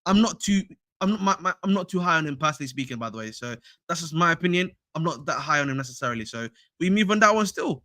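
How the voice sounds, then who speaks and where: Young man, excitable livestream host, high voice. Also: quick pace, dry recording, studio quality. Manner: slangy, excitable, chatty with chat. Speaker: fan channel livestreamer. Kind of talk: casual livestream chat.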